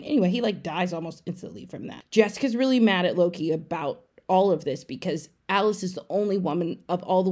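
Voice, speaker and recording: A woman's voice: lowish voice, darkish tone. Woman rattling off a breathless plot recap. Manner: breathless run-on storytelling, profane. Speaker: podcast segment presenter. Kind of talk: rapid casual plot recap.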